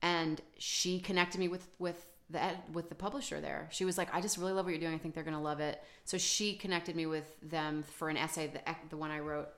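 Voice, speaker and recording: Here a woman with a low, deep voice, appearing as an author guest, talks briskly and with few pauses about her writing life. The podcast conversation is relaxed, and she speaks loosely, putting herself down, with plenty of fillers and false starts.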